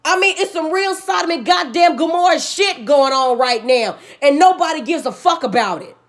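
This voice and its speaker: A woman delivering an impassioned, profanity-heavy rant as a vlogger. She repeats her points emphatically and preaches, swinging between loud outbursts and low, subdued stretches. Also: lively intonation, moderate pace.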